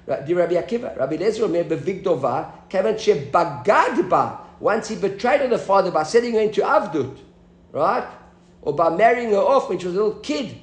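A man's voice: high voice, very animated, a little fast, reverberant. A man teaching a Talmud class, explaining the text and asking his students questions as he goes.

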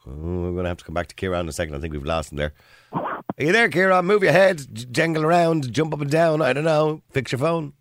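An Irish man hosting a phone-in radio show in a brisk, joking manner. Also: a little high, dry recording, studio quality. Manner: brisk, animated, joking banter. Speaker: radio host.

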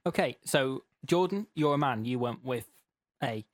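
A man's voice: mid-range voice, animated, measured pace, dry recording, clean studio sound. A man hosting a podcast, narrating a comic choose-your-own-adventure with wry, giggly delivery. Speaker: podcast host.

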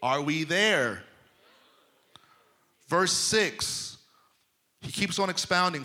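A man preaching a sermon at a slow, deliberate pace. His voice is bright and forceful, pitched a little high, and he swings from loud emphatic lines down to hushed, near-whispered ones. He often checks in with the congregation. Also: lively intonation. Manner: addresses the congregation directly, checking in with them.

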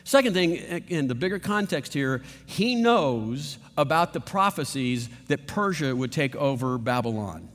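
A man's voice: medium pitch, big pitch swings, unhurried, hardly any pauses, fairly bright tone. Man, preacher, sermon, emphatic, rhetorical questions, large auditorium, long echoing reverb.

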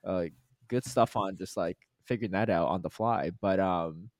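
A man's voice: low-pitched, normal speed, dry recording. A young man co-hosting a podcast, chatting casually and praising his guest in a friendly, reflective way. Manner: friendly, reflective, gives encouraging feedback. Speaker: podcast co-host. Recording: dry close-miked sound.

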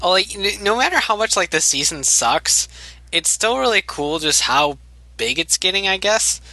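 A man's voice: high voice, lively intonation, moderate pace, sharp tone, dry recording. A man co-hosting a podcast, chatting casually and rambling with fillers. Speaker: podcast co-host. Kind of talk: casual chat.

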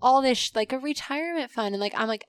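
A woman chatting casually on a podcast, animated and quick to laugh, swearing freely and using many fillers. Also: high-pitched, clear, resonant tone, no echo. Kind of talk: casual chat.

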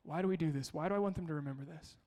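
A man's voice: on the high side, rapid-fire, a little mellow. A male pastor preaching a sermon, telling family stories in a conversational way and asking the congregation rhetorical questions. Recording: long hall reverb.

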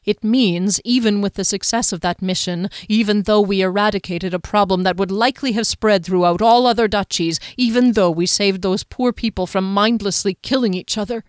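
Audiobook captain, young man, earnest and bitter, smooth close voice, read by a woman. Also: medium pitch, normal speed, no room sound, close to an everyday voice.

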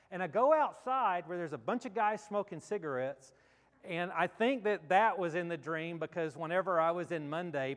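A man pastor giving a sermon, telling a story in a conversational, reflective way. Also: sits high. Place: church sanctuary. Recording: long church hall reverb.

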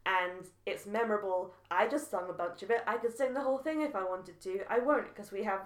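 A woman's voice: medium pitch, a little fast. Chatty woman in an echoey room. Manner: animated, laughs often, bursts into song. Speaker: podcast co-host. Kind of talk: casual chat.

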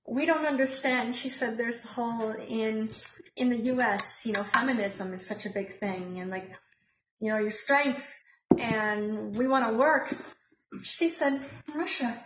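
A rambling American woman hosts a casual news chat, her voice a touch high. She pauses often on filler words. The sound is roomy and slightly muffled. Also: noisy background. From United States. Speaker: podcast host.

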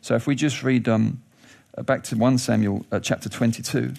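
A man preaching a sermon, telling a story with lively restarts and questions. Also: normal speed, gravelly. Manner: animated storytelling, rising pitch in questions; frequent restarts and thinking aloud.

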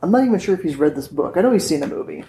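A woman's voice: low-pitched, big pitch swings, very fast, warm tone, reverberant, slight background noise. A woman hosting a podcast, chatting in a playful, teasing way. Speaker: podcast host. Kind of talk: casual chat.

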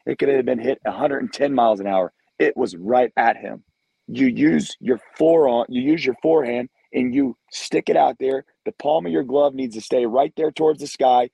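A man's voice: medium pitch, moderate pace, vocal fry, mellow, husky, no echo, rough recording. A man co-hosting a sports podcast, delivering a blunt, emphatic, repetitive rant. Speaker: co-host.

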